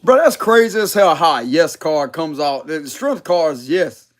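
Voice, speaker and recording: A man with a high voice that swoops up and down gives a loose, unscripted tarot reading. He talks in blunt, profane slang with a lilt and breaks into laughs as he goes. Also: animated, measured pace. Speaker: tarot reader. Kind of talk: casual tarot reading monologue.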